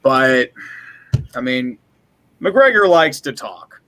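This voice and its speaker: A man's voice: medium pitch, big pitch swings, slow, pushed and bright. A man on a sports chat panel, offhand and dismissive. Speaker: panel guest.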